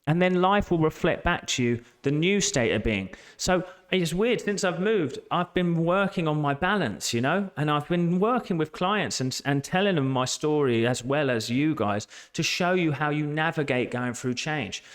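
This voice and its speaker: Male life coach, a bit high-pitched, emphatic and earnest motivational delivery. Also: lively intonation, normal speed, hardly any pauses. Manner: earnest, emphatic, repeats key phrases. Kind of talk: motivational talk to camera.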